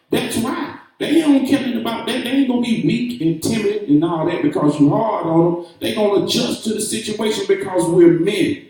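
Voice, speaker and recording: A man's voice: sits high, animated, moderate pace, hardly any pauses, darkish tone, recorded from a distance. A man co-hosting a talk show, arguing in an emphatic, preachy, slangy way in a heated casual debate. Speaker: radio talk show co-host. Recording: echoey, off-mic room sound.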